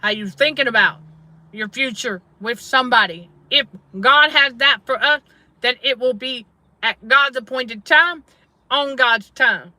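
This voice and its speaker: A middle-aged woman talks to her viewers in a casual testifying style, repeating key phrases for emphasis. Her voice is high and very bright. The sound is dry and close. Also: unhurried, dry recording. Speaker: faith-based trauma coach and channel host. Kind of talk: casual livestream preaching.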